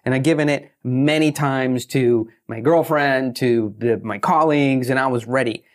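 A man who is a guest on an interview show, telling lively stories and acting out what others said. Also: mid-range voice, moderate pace. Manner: animated, acts out quotes. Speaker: guest, pitching author. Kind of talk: storytelling interview talk.

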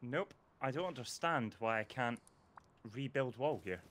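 A man on voice chat during a game, talking in a dry, deadpan way. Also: medium pitch, measured pace, slight background noise. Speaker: fellow player on voice chat.

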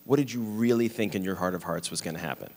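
A man from New York moderating an onstage interview, asking measured questions. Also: low-pitched, darkish tone. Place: large theater stage. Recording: long hall reverb.

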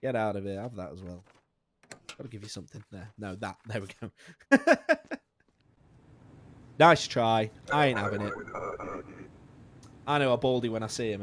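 A man giving live commentary on a game he is playing, jokey and sweary, laughing often, with sudden high squeaks of outrage. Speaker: streamer.

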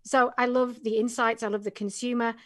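A chatty middle-aged woman with an English accent talks freely as a podcast guest. Her voice sits fairly high, and the recording is dry and close, with no room sound. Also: little pitch movement, brisk, a bit bright, no room sound. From England. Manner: chatty and talkative. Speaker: guest, business coach. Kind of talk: casual podcast interview.

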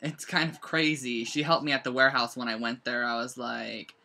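A teenager hosts a casual live-streamed craft lesson from a bedroom at home, picked up by the camera's own mic. The voice is bright and forward. The talk rambles along, full of "like" and quick side-stories. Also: mid-range voice, little pitch movement, vocal fry. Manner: rambling and chatty, heavy use of "like". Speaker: scrapbooking instructor.

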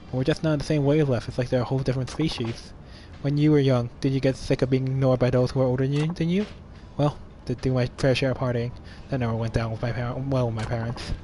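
A man's voice: medium pitch, fairly even intonation, quick pace, dark tone, a little hiss or hum. Playful male streamer reading a game aloud. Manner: playful, laughs between lines. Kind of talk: reading game dialogue aloud with live commentary.

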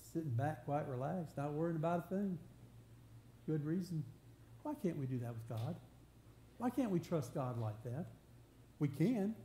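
Speaking from a church sanctuary, a pastor with a mellow, somewhat high voice gives an earnest, conversational sermon. He often begins again and builds toward emphasis. A faint hum runs under the roomy live-stream audio.

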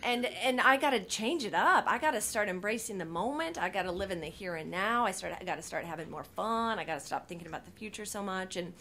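A woman's voice: mid-range voice, fast talker, few pauses, sharp tone, slight background noise. A woman in her thirties, a TV writer speaking on a panel, telling a story animatedly with many fillers and restarts, acting out the lines she quotes.

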